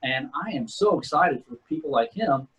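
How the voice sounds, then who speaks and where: Middle-aged man, husky voice, higher-pitched, laid-back army storyteller. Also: expressive, normal speed, a bit bright, rough recording. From Texas. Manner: laid-back, chatty, uses "man" and "dude" a lot. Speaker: retired Army sergeant first class, guest. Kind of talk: casual storytelling.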